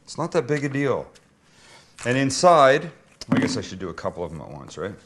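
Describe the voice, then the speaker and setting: A man of ordinary pitch hosts a laid-back cooking show from a home kitchen. He wisecracks, swears now and then, and talks viewers through each step in a loose, joking way. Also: big pitch swings, a little fast, fairly bright tone. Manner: joking, wisecracking, a bit profane. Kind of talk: casual cooking demonstration.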